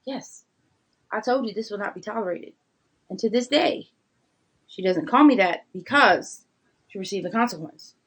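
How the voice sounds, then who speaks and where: A woman from a big city in casual podcast chat, telling stories with lively acted-out quotes. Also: fairly high pitch. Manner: lively storyteller acting out voices.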